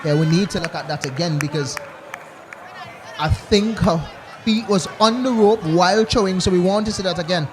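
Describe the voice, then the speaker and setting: A man's voice: sits high, moderate pace. A man commentating live on a cricket match, chatty and bantering with his partner. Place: outdoor cricket ground. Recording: loud crowd and outdoor noise.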